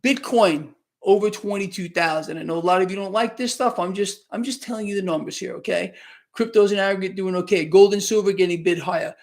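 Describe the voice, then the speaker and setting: Speaking a little fast in a high, steady tone, this man hosts a live market wrap-up stream on a new microphone. He fields viewer questions with emphatic, sarcastic, conversational delivery.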